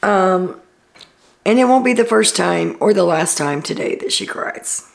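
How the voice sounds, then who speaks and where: Female recap host, slow and gravelly, chatty and opinionated, casual. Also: mid-range voice, lively intonation. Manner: chatty, opinionated, loose retelling with fillers.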